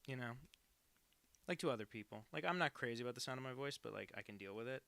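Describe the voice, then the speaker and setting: A man's voice: medium pitch, lively intonation, fast, vocal fry, fairly bright tone, no room sound. A man chatting casually on a live drawing stream, rambling and self-deprecating with crude asides.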